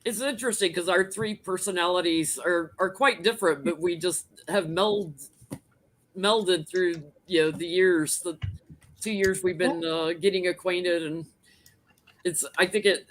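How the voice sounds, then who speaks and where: A woman's voice: lowish voice, a little slow, rough recording. A woman tarot reader talks casually with friends, breaking into easy laughs. There is a faint hiss under the recording. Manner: chatty, laughs often. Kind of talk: casual chat.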